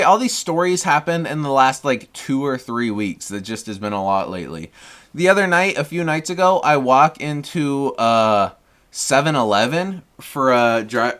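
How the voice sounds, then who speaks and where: A young man, a delivery driver, telling funny work stories in a casual, animated way, swearing and laughing as he acts out quotes. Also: a little high. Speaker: food delivery driver and vlogger. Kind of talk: casual storytelling monologue.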